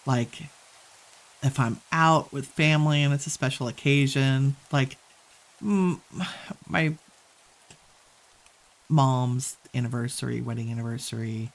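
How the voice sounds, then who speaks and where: A man chatting in a relaxed, rambling way while streaming a game, laughing easily. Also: mid-range voice, gravelly, low-quality recording. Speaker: gaming streamer. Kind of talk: relaxed gameplay chat.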